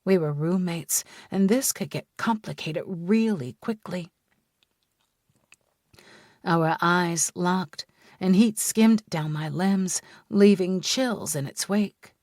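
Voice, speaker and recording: A woman narrating a romance audiobook in the first person, in a measured storytelling manner. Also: on the low side, darkish tone, no echo, clean studio sound.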